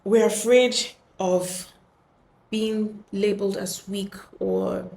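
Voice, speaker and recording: A woman's voice: mid-range voice, fairly even intonation, takes it slowly, warm tone. Woman, solo podcast host, earnest coaxing talk, frequent restarts, roomy echo.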